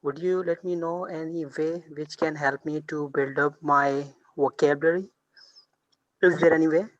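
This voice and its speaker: A polite man student on a video call, speaking a little high. He talks hesitantly with many fillers, and the sound is dry and close. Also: fairly even intonation, normal speed, no echo, highs cut off.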